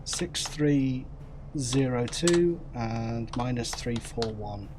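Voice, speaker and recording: A man's voice: mid-range voice, lively intonation, slow pace, noisy background. A man with a northern English accent chatting casually with a friend on a gaming stream, patiently explaining words. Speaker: streamer playing a space game. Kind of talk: casual chat.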